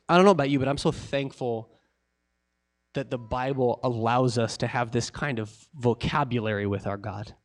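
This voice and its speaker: A man preaching a sermon as a pastor, earnest and emotional, sometimes dropping to a hushed, intimate tone. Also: mid-range voice, normal speed. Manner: earnest, emotional preaching with sudden drops to quiet.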